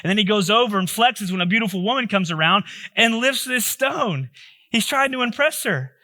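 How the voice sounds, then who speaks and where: Bright, high-voiced joking preacher. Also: male voice, animated, normal speed. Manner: joking, conversational storytelling. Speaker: pastor. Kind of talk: sermon.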